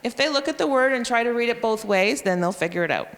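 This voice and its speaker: A woman teacher presenting a reading intervention method to other educators, spelling out letters and sounds slowly and clearly. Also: fairly high pitch, animated, long reverb tail. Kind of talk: professional development presentation. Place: school room or hall.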